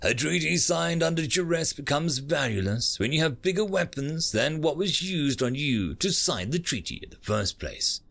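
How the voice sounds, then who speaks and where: A haughty furry alien envoy who hands down measured, dismissive pronouncements at an unhurried pace, as a male narrator puts him on in an audiobook. The voice sits somewhat raised, with a creaky, gravelly grain and lively, swooping intonation. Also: fairly high pitch, voice pushed up, heavily acted. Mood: cold.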